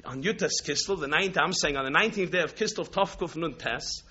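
Rabbi from New York, storytelling sermon, high bright voice. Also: male voice, a little fast, husky, dull audio. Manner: animated, repetitive storytelling with restarts.

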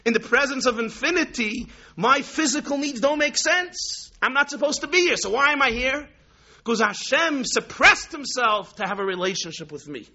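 A man from New York, a rabbi, telling a story in a sermon, animated and repetitive with frequent restarts. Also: very high voice, normal speed, muffled recording.

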